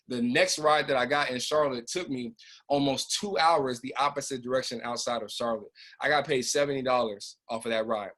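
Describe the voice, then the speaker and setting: Man, business trainer, motivational storytelling, emotional, animated, casual, video call. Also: mid-range voice, normal speed.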